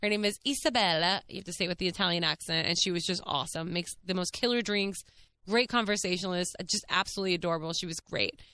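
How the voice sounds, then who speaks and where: A woman in her thirties hosting a podcast, telling a story in a chatty, animated way, laughing often and swearing casually. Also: on the low side, fast talker, clean tone, no echo. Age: 30s. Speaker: podcast host.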